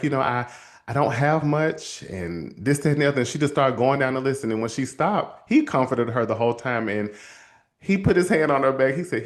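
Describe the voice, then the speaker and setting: A man hosts a motivational talk and tells a long, heartfelt story about a client. He acts out the people in it, jumping up in pitch for their lines, and speaks to listeners as y'all in a casual, warm-hearted way. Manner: animated storyteller, acts out quoted voices. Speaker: host and counselor.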